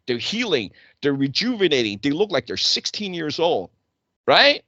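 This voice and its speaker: Talk show guy, kinda high voice, acts out the back and forth, dry muffled sound. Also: normal speed, dry recording. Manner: animated storytelling, acting out quoted exchanges. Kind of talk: casual chat.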